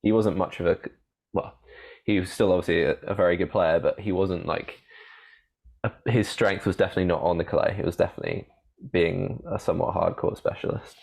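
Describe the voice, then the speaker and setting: A man co-hosting a casual podcast, running a quiz with halting, rambling talk and frequent laughter. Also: deep voice, fairly even intonation, creaky, darkish tone.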